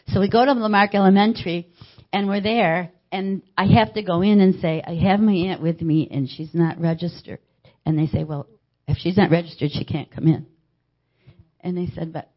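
Older woman telling a lively faith story. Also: lowish voice. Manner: animated storytelling, acting out what others said. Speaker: church member giving a testimony. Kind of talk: personal faith testimony told as a story. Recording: dull lo-fi recording.

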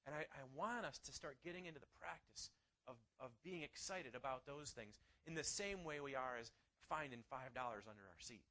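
A man preaching a sermon, sniffly, telling stories with lively acted-out quotes. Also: medium pitch, a little fast, rough recording. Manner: animated storytelling with acted-out quotes.

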